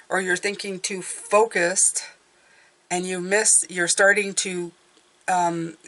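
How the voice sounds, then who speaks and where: A woman with a somewhat low speaking voice gives a relaxed tarot reading straight to her viewers. She talks in an encouraging, reassuring way and keeps checking in with a quick "okay?". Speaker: tarot reader.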